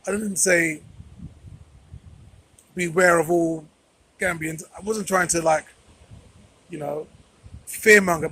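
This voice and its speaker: A man's voice: on the high side, fairly bright tone, a little hiss or hum, rough recording. A man talking straight to camera in a commentary vlog, emphatic and repeating phrases for stress. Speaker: vlogger.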